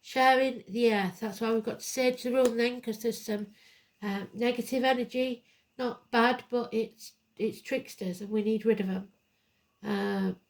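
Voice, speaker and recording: Lady doing a tarot reading, kinda high voice, lots of creaky fry, blunt and goes off on tangents. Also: a little mellow. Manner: blunt, emphatic, with rambling asides. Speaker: tarot reader. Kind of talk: live tarot card reading.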